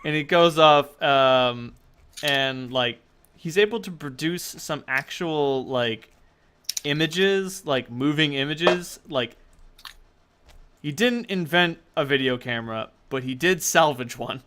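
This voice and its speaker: Bright-voiced male game master, rambling. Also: fairly high pitch, takes it slowly, slight background noise. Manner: rambling, with many fillers. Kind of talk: narrating a tabletop game.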